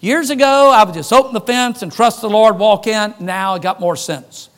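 Delivering a sermon at normal speed, this high-voiced man tells stories with animation, cracking jokes and performing each character's lines.

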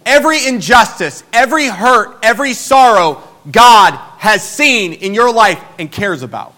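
A pastor in his forties with a high, bright and forceful voice, preaching in a storytelling way. He drops to near-murmurs and then rises to emphatic bursts. His delivery is personal and conversational. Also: animated, a little slow. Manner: storytelling, emphatic, swings between soft and loud. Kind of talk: sermon.

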